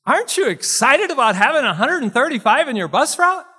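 Man doing a loud, demanding woman teacher. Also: high voice, wildly swooping pitch, moderate pace, breathy edge, in a large hall, pitched above the performer's own voice, heavily acted. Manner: loud, pointed questioning.

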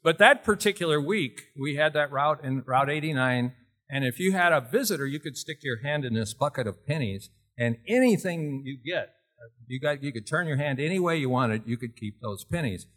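An older man preaching in an animated storytelling way, laughing often and jumping to shouts. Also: medium pitch, moderate pace. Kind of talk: storytelling sermon.

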